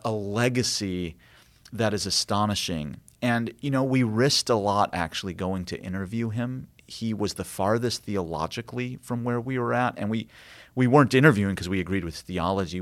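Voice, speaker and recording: In a fairly low voice at normal speed, a male guest author shares stories conversationally. His tone is earnest and reflective, and he frequently uses fillers and restarts.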